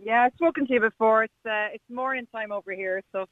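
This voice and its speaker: A man's voice: high voice, quick pace, no room sound. A man, calling in to a radio show and chatting with some hesitation. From Ireland. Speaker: caller. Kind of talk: casual phone chat. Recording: tinny phone line.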